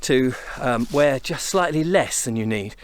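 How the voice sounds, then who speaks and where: With an animated, mid-range voice and a measured pace, a man from England narrates his country walk to camera. He's slightly out of breath, chatty and prone to rambling as he thinks aloud on the outdoor footpaths, filming with a camera on a tripod that he sets up and carries along.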